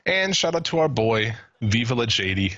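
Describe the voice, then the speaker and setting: Profane, laughing podcast co-host. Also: male voice, mid-range voice, big pitch swings, moderate pace, no room sound, dull audio. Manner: profane, laughing, reads listener shout-outs. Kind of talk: casual podcast chat.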